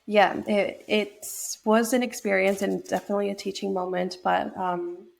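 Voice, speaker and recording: A woman's voice: mid-range voice, level tone, moderate pace, vocal fry. A young woman from New York state, a podcast guest telling a personal story in a reflective way, with many fillers and restarts. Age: young adult.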